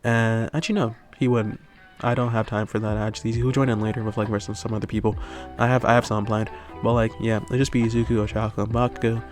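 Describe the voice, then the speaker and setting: Low-voiced man rambling through a fan story. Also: little pitch movement, fast, faint music behind. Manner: rambling, full of fillers and tag questions. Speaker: channel host.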